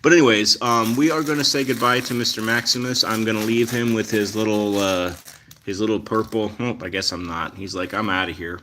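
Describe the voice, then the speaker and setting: A man's voice: lowish voice, fairly even intonation, fairly quick, sharp tone, a little hiss or hum. A man hosting a casual live stream about his rescue cats, rambling with lots of fillers as he answers viewer comments. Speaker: cat channel host.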